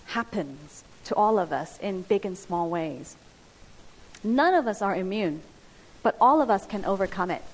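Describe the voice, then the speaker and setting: A woman giving a sermon, speaking earnestly with pauses and restarts. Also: medium pitch. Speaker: preacher. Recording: hissy hall with long reverb.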